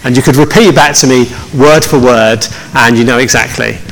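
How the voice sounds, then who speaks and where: A man's voice: medium pitch, fairly quick, fairly bright tone, slight background noise. A man preaching a conversational sermon as pastor, joking with his congregation and often restarting his sentences. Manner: chatty, joking, with many restarts. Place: church hall. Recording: long hall reverb.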